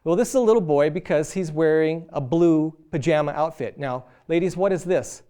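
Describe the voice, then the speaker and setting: Middle-aged male preacher, warm and mellow, lively storyteller who acts out both sides of a quarrel. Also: a little high, moderate pace, clean tone. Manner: animated storyteller acting out both spouses. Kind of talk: sermon on marriage.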